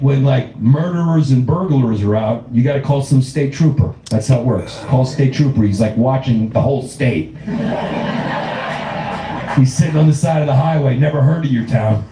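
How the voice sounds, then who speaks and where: A man doing a stand-up comedy set, riffing profanely and laughing through his own jokes. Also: mid-range voice. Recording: roomy club with live audience.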